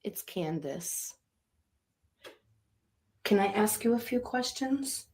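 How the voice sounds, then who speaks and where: Halting, emotional woman medium. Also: mid-range voice, animated, a little mellow. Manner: halting and emotional, many ums and pauses. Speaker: spirit box medium. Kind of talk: emotional spirit box session video.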